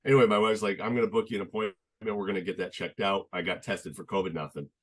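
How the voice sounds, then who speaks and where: A young man chatting as a podcast guest, telling his story in an earnest, halting way with many restarts. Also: low-pitched, fairly even intonation. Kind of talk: casual conversational storytelling.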